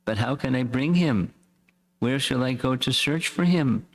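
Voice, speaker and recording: A man reading as a calm, gentle young woman. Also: medium pitch, measured pace. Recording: echoey hall reverb.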